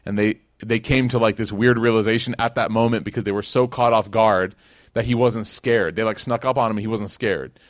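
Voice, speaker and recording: A man's voice: on the low side, steady tone, brisk, no room sound, clean studio sound. A man from Chicago teaching a conversational sermon, telling stories with slang and acted-out quotes. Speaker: Islamic teacher. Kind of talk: casual sermon.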